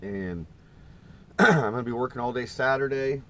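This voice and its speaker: A man's voice: mid-range voice, a little slow, bright, forceful tone, a little hiss or hum. A middle-aged man chatting casually and rambling to his viewers on a live stream from inside a parked camper van. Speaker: vlogger.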